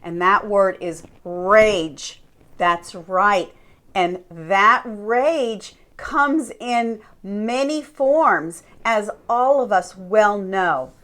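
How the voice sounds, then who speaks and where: A woman who is a Christian life coach, giving a deliberate, earnest teaching monologue with rhetorical questions. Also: mid-range voice, fairly bright tone.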